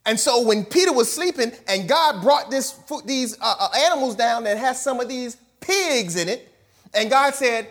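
At a moderate pace and in a very high voice, a pastor preaches animatedly, reading scripture aloud. He acts out the quotes with different voices and phrases things casually and colloquially.

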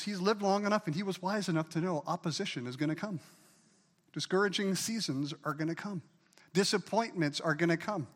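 A man's voice: high-pitched, a bit bright, long reverb tail. A male pastor preaching a sermon with emphasis, asking the congregation to repeat key words after him.

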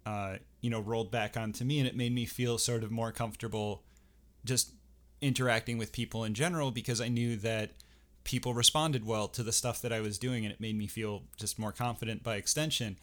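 A man's voice: mid-range voice, fairly even intonation, fairly quick, fairly bright tone. A man in casual podcast conversation, talking with many restarts and a dry, self-deprecating humor. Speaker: furry performer guest.

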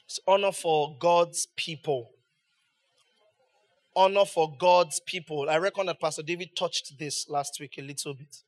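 A man's voice: fairly high pitch, steady tone, a little slow. A man preaching a sermon as pastor, building emphasis with rhetorical questions.

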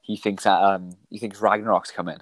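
A man's voice: sits low, flat delivery, a little fast, no room sound. A man co-hosting a podcast, reviewing films in casual chat, thoughtful and hesitant with many fillers. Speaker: podcast co-host.

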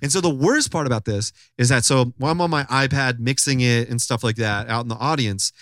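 A man hosting a podcast, telling a story in loose, animated, profane casual chat. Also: medium pitch, a little fast, dry recording, studio quality. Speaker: podcast host.

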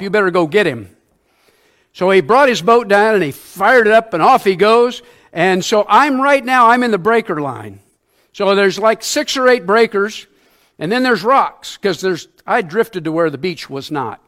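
The older man's voice sits high and comes across a bit bright. He's a church elder delivering a sermon through a humble, self-deprecating tale from his own life, dramatizing the sounds and quotations along the way.

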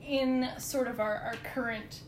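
A woman's voice: steady tone, a little slow. Wry young woman in an echoey room. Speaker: guest co-host. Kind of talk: casual podcast chat. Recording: echoey room with faint rumble.

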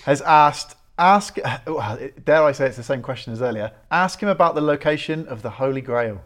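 A man's voice: mid-range voice, expressive, normal speed. A man hosting a podcast, reading out listener questions and laughing along with his guest. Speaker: podcast host. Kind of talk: casual podcast interview.

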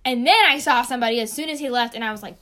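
Fast-talking young woman telling a story. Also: fairly high pitch, a bit bright. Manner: rambling, heavy use of "like". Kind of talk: casual storytelling chat.

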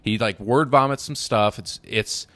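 A man co-hosting a casual talk show, chatty and quick to chime in. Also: on the low side, sharp tone. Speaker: podcast co-host. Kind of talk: casual chat.

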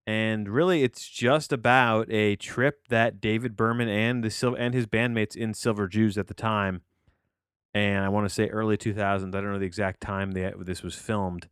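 A man's voice: on the low side, fairly even intonation, normal speed, a bit bright, smooth, no room sound, studio quality. A man hosting a solo podcast, rambling and digressing as he reviews a movie, often restarting his sentences and swearing casually. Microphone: close to the mic.

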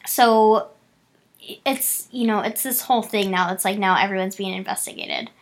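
A woman co-hosting a casual chat, reading out news stories and reacting to them. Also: mid-range voice. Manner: chatty, fast bursts, laughs often. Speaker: podcast co-host.

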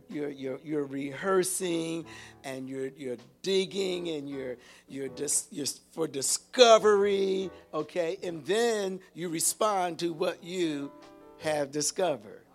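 A man's voice: fairly high pitch, creaky. A man preaching an interactive Bible lesson, calling out to the congregation and repeating words as he searches for them. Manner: calls out to the congregation with repeated "hello?" and "whoa". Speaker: pastor and Bible teacher. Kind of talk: interactive teaching sermon.

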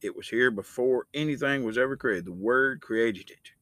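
A man's voice: mid-range voice, moderate pace, fairly bright tone, no room sound. A man hosting a Christian podcast, talking in a loose, rambling way and reading scripture aloud with rising emphasis. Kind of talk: casual spoken sermon.

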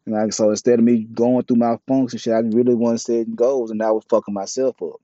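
Blunt, profane man with a dark voice. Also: mid-range voice, flat delivery, brisk, no room sound. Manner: blunt, profane, preachy street talk. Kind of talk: casual monologue, opinionated. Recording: dull, dry, lo-fi mic.

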